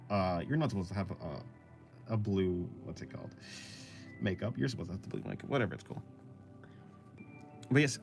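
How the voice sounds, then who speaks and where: A young man giving casual, hesitant commentary on drawings as an art streamer, rambling with many restarts. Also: mid-range voice.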